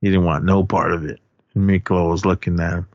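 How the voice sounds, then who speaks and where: This podcast co-host talks a little fast in a low voice with a flat delivery, loosely recounting a film's story with frequent fillers and false starts. There's no echo, though the audio sounds dull and lo-fi.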